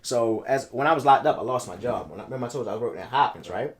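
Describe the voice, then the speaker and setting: A man, telling his own story in a casual interview, animated and repeating himself for emphasis. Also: mid-range voice, very fast. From Baltimore, United States. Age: 30s.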